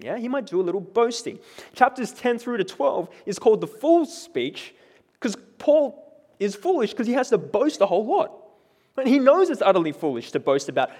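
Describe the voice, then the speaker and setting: A man preaching a sermon in a conversational, animated way, often checking in with the congregation with questions. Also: high voice, in a large hall. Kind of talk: expository sermon.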